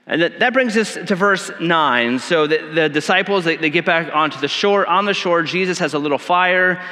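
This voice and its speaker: A male pastor preaching a sermon in a relaxed, conversational way, telling self-deprecating stories with frequent stammered restarts. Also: on the high side. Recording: long church hall reverb.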